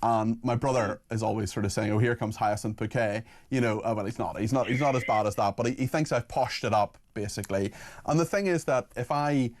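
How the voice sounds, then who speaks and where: A man hosting a radio phone-in, talking quickly with frequent restarts. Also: mid-range voice. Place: radio studio.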